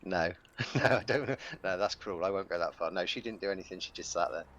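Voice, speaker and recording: Dry, teasing man, low voice. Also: fairly quick, a bit bright, dull audio. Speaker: guest on voice chat. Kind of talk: casual voice-chat banter.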